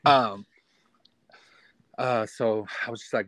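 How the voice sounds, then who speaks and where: A man's voice: medium pitch, unhurried, long pauses. A man in his thirties, a guest telling a personal story candidly and profanely, acting out what others said. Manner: candid, profane, quotes others in lively retellings. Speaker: interview guest. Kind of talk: casual storytelling.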